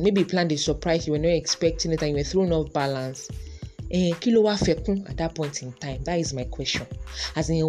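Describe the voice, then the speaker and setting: A woman's voice: low voice, darkish tone. A woman with a Nigerian accent hosting a casual podcast monologue, chatty and musing aloud, dropping in Yoruba and pidgin words. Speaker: podcast host.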